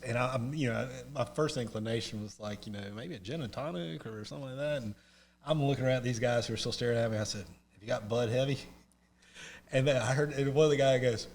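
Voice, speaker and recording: Speaking fast at a medium pitch, this North Carolina man, a Southerner, is a guest on a podcast. He spins humorous stories in a relaxed chat, animatedly acting out every voice he quotes.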